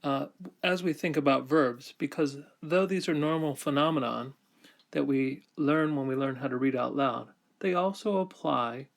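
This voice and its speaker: A man delivers a recorded grammar lesson at an unhurried, deliberate pace. His voice carries a gravelly, creaky texture at a middle pitch. He explains step by step and now and then corrects himself mid-sentence. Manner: slow, measured explaining with occasional self-corrections. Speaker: teacher. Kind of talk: recorded lecture.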